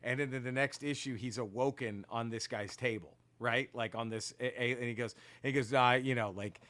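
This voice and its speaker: A man co-hosting a casual podcast, retelling comic book plots in an animated, profane way with lots of restarts. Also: medium pitch, fairly quick. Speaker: podcast co-host.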